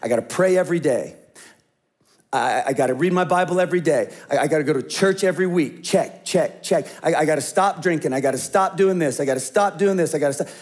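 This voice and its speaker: A middle-aged man preaching a sermon as a pastor, talking conversationally and dropping to a hush when he tells stories. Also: on the high side, quick pace.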